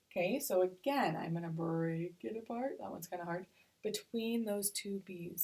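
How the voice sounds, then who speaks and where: A woman teacher giving a recorded reading lesson to young children, slowly sounding out syllables. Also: medium pitch, a little mellow, husky. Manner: slow, stretched-out sounding of syllables.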